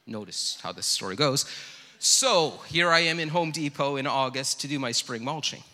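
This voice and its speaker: A man's voice: medium pitch, animated, normal speed, pushed and bright. A middle-aged man, a pastor, preaching a sermon with casual, self-deprecating storytelling in a church. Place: church sanctuary. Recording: reverberant church hall.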